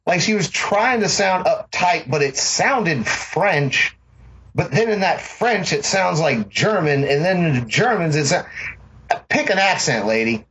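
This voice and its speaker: A man's voice: fairly high pitch, a bit bright, husky. A man casually mocking a movie on a podcast, rambling and swearing often. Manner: sarcastic, rambling, swears often, laughs a lot. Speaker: podcast co-host. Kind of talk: casual profane movie-review chat. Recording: slightly dull lo-fi sound with faint noise.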